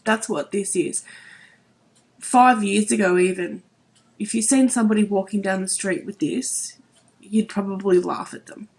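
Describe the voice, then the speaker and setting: A woman's voice: medium pitch, steady tone, unhurried, a little mellow, husky. Woman in her thirties, beauty vlogger, close to tears, earnest, lots of "like"s, talking to camera at home. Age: 30s. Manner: emotional, voice wavering near tears; earnest, repeats herself, many "like"s. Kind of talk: emotional vlog to camera.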